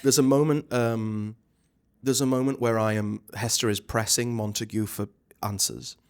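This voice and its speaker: A man, a stage actor, talking as a guest in a casual interview, animated and chatty with many restarts. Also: medium pitch, moderate pace, smooth.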